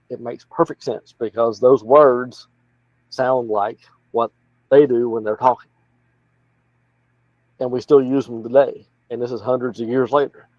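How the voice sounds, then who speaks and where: A man's voice: medium pitch, no echo. Plainspoken Appalachian man, lo-fi sound. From North Carolina. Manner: plainspoken, folksy, rambling. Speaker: political candidate guest. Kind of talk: casual interview talk.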